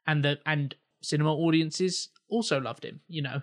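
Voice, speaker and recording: A man's voice: fairly high pitch, moderate pace, few pauses. A man co-hosting a film podcast, explaining his points in a thoughtful, casual way. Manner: thoughtful, explanatory, chuckles often. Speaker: podcast co-host.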